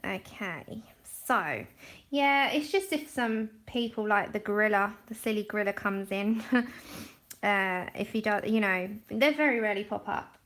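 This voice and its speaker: A woman with a medium-pitched, fairly bright voice speaks at a measured pace. She's hosting an art livestream, chatting casually as she explains her colouring steps and thanks viewers by name.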